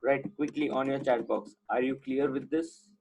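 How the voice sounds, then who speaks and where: A man's voice: mid-range voice, steady tone, normal speed, vocal fry, a little mellow, muffled recording. A man with an Indian accent teaching an accounting class online, switching between English and Hindi and often checking whether students follow. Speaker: accounting lecturer. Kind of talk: live online lecture.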